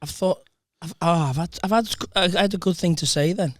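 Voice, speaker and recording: A podcast co-host with a fairly high voice, rambling and losing his thread mid-story. The sound is close and dry, with no room echo. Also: a little fast. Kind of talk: casual chat.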